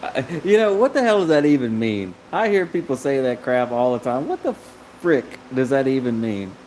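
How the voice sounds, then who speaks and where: A man's voice: medium pitch, expressive, moderate pace, a little mellow, a little hiss or hum, rough recording. Laughing man chatting on a livestream. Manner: laughs constantly between lines. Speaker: livestream host. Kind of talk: casual live chat with viewers. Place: car shop.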